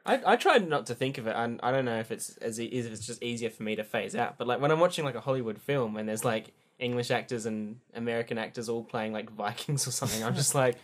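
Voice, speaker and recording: A man's voice: medium pitch, fast, hardly any pauses. A man in casual podcast banter. He rambles with hesitant restarts and chuckles at his own jokes. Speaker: podcast co-host. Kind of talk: casual chat.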